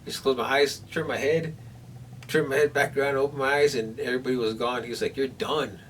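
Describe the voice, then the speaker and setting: Talking fast in a steady, mid-range voice, a man records a home vlog following surgery, clearly sore and in pain. He rambles nervously through the story, restarting many times, with a far-off camera mic capturing faint room sound.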